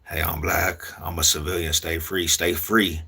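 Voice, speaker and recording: A young man talking casually to his viewers in street slang, repeating himself in a loose, drawn-out way. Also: deep voice, level tone, creaky, bright, forceful tone, breathy edge. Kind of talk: casual street talk to camera.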